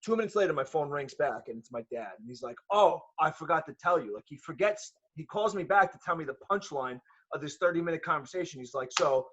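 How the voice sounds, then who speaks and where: A middle-aged man, a jiu-jitsu gym owner telling a profane, animated story in casual chat. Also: a little high, fast talker, breathy edge. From New York. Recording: dull lo-fi audio.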